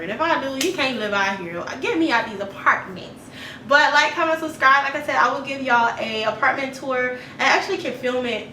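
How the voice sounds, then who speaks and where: A woman vlogger telling a storytime to her viewers, animated, blunt and profane, talking directly to them. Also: fairly high pitch, a little hiss or hum. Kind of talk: storytime vlog. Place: apartment room. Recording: echoey room, a bit far from the mic.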